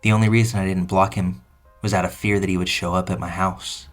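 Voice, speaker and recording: A man reading a true first-person story aloud in measured, scripted narration. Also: low voice, flat delivery. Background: faint music.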